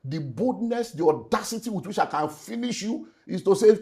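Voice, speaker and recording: A middle-aged Nigerian man, a pastor, telling an earnest, animated personal story in an interview and slipping into Pidgin. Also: high voice, a little fast, vocal fry, hardly any pauses. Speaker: pastor and relationship speaker.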